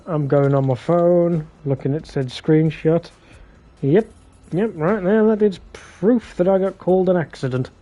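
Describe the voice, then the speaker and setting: A man's voice: on the high side, unhurried, dark tone. A man doing casual live commentary over a game, bickering and swearing with his chat. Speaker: game streamer. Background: game music.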